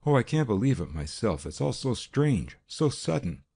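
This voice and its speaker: A man's voice: mid-range voice, big pitch swings, normal speed, gravelly, dark tone, slightly rough, voice pushed up, exaggerated voice. A man reading an audiobook, voicing a grief-stricken young woman who pleads for help in a raised, breaking voice. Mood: distraught.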